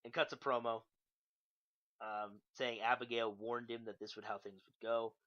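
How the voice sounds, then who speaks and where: A man's voice: medium pitch, level tone, moderate pace, fairly bright tone. A young man casually recapping wrestling shows, loose and profane with lots of ums and uhs. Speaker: podcast host. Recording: dull lo-fi podcast mic.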